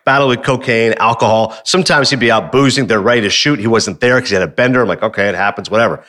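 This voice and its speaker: A man co-hosting a casual sports and pop culture talk show, animated and full of quick asides. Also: mid-range voice. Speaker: co-host.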